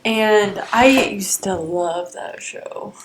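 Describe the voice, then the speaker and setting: A young woman from the Midwest co-hosting a podcast, chatting casually with short, dry reactions and quick questions. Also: medium pitch, breathy edge. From American Midwest. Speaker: podcast co-host. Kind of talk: casual chat.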